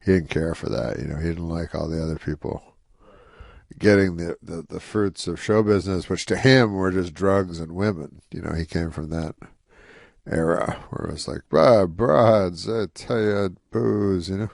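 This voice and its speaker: Gravelly, low-voiced man in his fifties. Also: steady tone, moderate pace, darkish tone, no echo, studio quality. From Canada. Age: 50s. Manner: rambling, wry, full of asides. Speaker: interview guest, comedian. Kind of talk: casual anecdotal storytelling.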